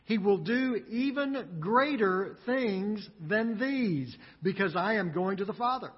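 A man preaching a sermon, earnest and emphatic, with dramatic pauses. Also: high-pitched, lively intonation, husky, big-room sound, lo-fi sound. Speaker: pastor.

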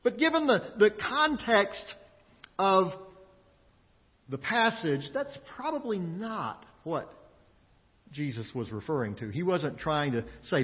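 A man's voice: fairly high pitch, big pitch swings, slow pace, in a large hall, highs cut off. A male pastor preaching a sermon in a conversational way, often repeating words as he goes. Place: church sanctuary.

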